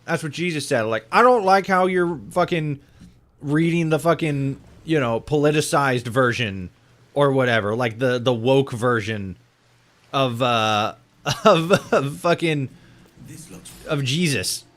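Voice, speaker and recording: A man's voice: medium pitch, takes it slowly, a bit bright. A young man chatting casually on a live stream while gaming, rambling and swearing heavily with many restarts. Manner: rambling, profane, full of restarts and laughs.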